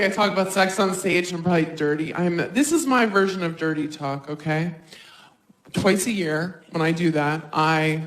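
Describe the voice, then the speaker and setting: A woman performing a stand-up comedy set, talking animatedly and slipping into quick voices for other people. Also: lowish voice. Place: live comedy stage. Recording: roomy live stage sound.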